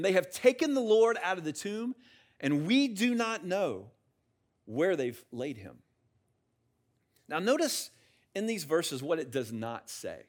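A man preaching a sermon in a conversational, animated way, asking the listeners questions and acting out the words of biblical figures. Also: sits high. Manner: acts out quotes of biblical figures. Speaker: pastor.

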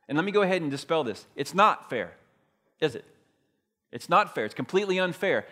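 A man's voice: a little high, sing-song, brisk, long pauses, bright, forceful tone. A man preaching a sermon as a pastor, retelling a story in a conversational, emphatic way.

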